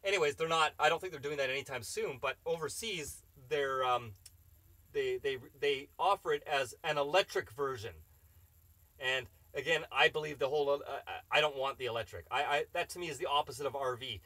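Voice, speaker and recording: A man's voice: mid-range voice, a little fast, sharp tone, no room sound. A man hosting a live stream, reading chat questions and rambling through opinionated casual answers.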